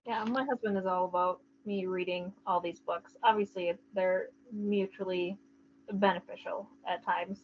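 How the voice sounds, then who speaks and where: A woman's voice: fairly low pitch, steady tone, normal speed. A woman chatting casually about books on a podcast, laid-back and agreeable. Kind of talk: casual book chat. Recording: dull lo-fi sound with faint noise.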